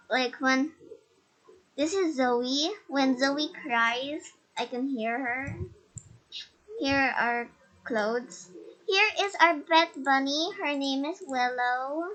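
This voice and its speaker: A high-pitched woman gives a casual, unhurried tour through a game house. Her shy, nervous delivery is full of stutters and restarts. Her voice comes through a face mask and is picked up by a laptop mic. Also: bright, forceful tone.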